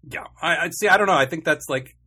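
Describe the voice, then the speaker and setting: A man's voice: fairly high pitch, fast talker, bright, forceful tone, breathy edge. A man co-hosting a comedy podcast, chatting casually in a rambling, self-interrupting way with dry, complaining humor. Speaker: podcast co-host.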